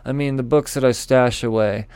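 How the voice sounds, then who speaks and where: A man's voice: medium pitch, steady tone, normal speed, a little mellow, clean tone, dry recording. A man rambling casually through comic previews, stumbling over names, swearing and joking at his own expense. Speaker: comics vlogger.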